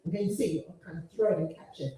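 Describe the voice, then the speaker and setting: A woman's voice: fairly low pitch, very fast, background noise. A woman leading a gospel singing workshop, talking casually with sung demonstrations and frequent laughs. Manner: lively, demonstrates phrases by singing, laughs often. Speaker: gospel choir leader and workshop teacher. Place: large hall at a conference. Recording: echoey hall, voice from far off the mic.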